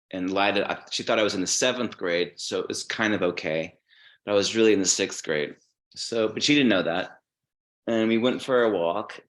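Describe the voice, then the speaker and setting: A man talking as a podcast guest, telling stories in a relaxed way and swearing casually. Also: lowish voice. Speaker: guest musician.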